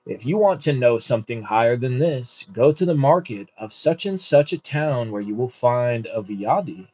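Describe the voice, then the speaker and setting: A man voicing a humble, wise housewife who speaks plainly, calmly and firmly. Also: medium pitch, moderate pace, close to an everyday voice. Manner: plain, calm and firm. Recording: muffled with faint music.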